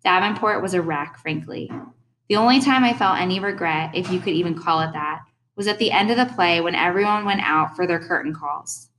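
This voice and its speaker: Young woman reading an audiobook, lowish voice, steady and earnest. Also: fairly quick, a little hiss or hum, poor audio. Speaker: audiobook narrator. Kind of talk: first-person audiobook narration.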